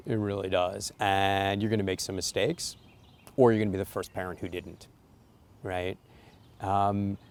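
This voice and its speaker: A man's voice: fairly low pitch, darkish tone. A man giving an earnest, coaching talk to parents, stressing key points with emphasis. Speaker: parenting educator. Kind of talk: instructional talk to camera.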